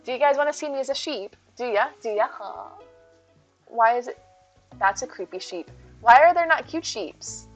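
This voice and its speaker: A woman's voice: sits high, expressive, a little fast, soft background music. A woman streaming live and chatting with viewers, playful and silly, full of jokes and puns.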